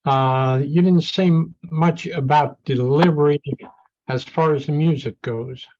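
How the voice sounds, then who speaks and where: A man's voice: fairly high pitch, fairly even intonation, measured pace, a little mellow. A man in the class offering a friendly comment from his own experience. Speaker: participant in the class. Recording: dull lo-fi sound.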